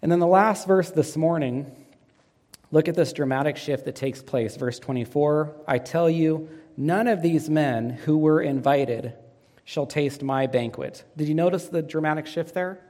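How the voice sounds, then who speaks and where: A man delivers a sermon in a voice a little higher than most men's. He quizzes his congregation with fill-in questions and swings sharply in pitch and loudness. His voice trails off into the long reverb of a large hall. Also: unhurried. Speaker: pastor.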